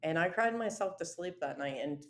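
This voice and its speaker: A woman's voice: on the low side, animated, moderate pace. A woman guest telling her own recovery story in an interview, in a casual, earnest and emotional way, with many fillers and restarts.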